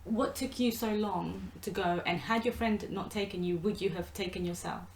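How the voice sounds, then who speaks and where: A woman's voice: mid-range voice, normal speed, creaky, roomy sound, slight background noise, low-quality recording. A woman interviewer, asking reflective questions and summing up what she hears.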